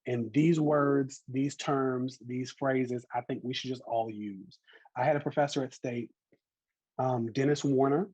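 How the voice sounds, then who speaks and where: Lively Southern man teaching an online class. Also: mid-range voice, measured pace, husky, dry recording, dull audio. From American South. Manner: lively, encouraging, chatty teacher. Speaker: botany class instructor.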